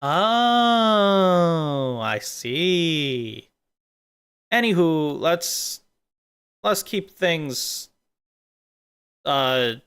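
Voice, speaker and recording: Rambling streamer with a lively voice. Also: medium pitch. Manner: rambling, silly tangents. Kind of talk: casual stream chat.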